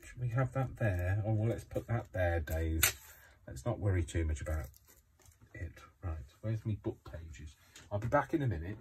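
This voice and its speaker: A man's voice: lowish voice, expressive, normal speed, far from the mic, a little hiss or hum. A tired man with a yawning, rambling manner, chatting to the camera while he does a craft project at home. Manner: rambling, self-talking, many ums and restarts. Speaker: craft vlogger. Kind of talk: casual chat while crafting. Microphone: phone camera left running.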